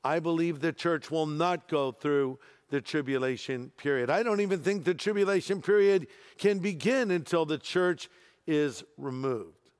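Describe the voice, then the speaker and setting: A man's voice: fairly high pitch, moderate pace, smooth. A man preaching a sermon as pastor, emphatic and explaining scripture, with wry humorous asides. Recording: long reverb of a large hall.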